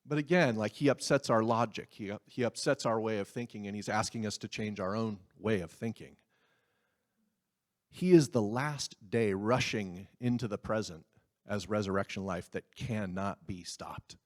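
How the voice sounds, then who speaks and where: A man's voice: on the low side, normal speed. A man preaching a sermon in a conversational way, with asides and laughs. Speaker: pastor.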